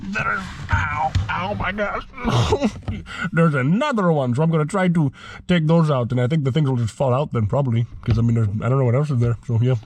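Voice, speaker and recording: A man's voice: mid-range voice, expressive, a little fast, darkish tone. A young man vlogging as he works on his car, rambling and joking to himself as he goes. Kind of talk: casual narration while repairing a car. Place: in and around a car, near a garage. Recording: noisy background with clicks.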